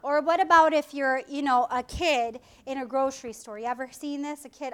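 High-pitched lady preacher, lively sermon, acts out little voices, laughs a lot. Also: normal speed. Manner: animated, acts out whiny voices, laughs often.

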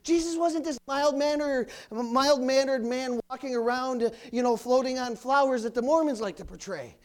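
A male preacher with a strikingly high voice delivers a loud, fiery sermon in a church. He swings into calls of hallelujah and praise the Lord as he drives each point home. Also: normal speed. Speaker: pastor.

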